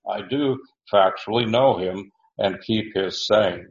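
A man teaching a Bible study, reading verses aloud and explaining them in a halting way, full of fillers and restarts. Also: lowish voice. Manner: reads verses aloud, then explains the Greek words. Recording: roomy, dull lo-fi recording.

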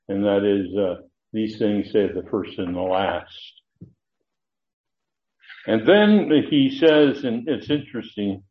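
A man preaching an expository sermon, explaining Greek grammar with frequent fillers and rising emphasis. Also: lowish voice. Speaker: preacher teaching Bible study. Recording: tinny phone-like line.

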